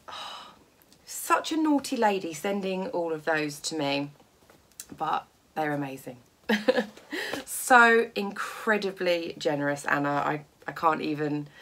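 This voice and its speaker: Excitable woman, lively voice. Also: lowish voice. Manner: gushing, excitable, laughs often. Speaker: sewing vlogger. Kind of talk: casual unboxing vlog.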